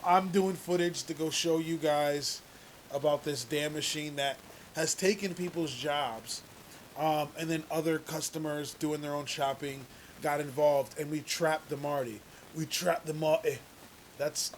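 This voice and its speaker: A male vlogger talks straight to his audience in a loose, conversational way, often backing up to restart a thought. His voice sits a little high for a man, with a faint hiss under the recording. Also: measured pace, poor audio. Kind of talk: casual political commentary to camera.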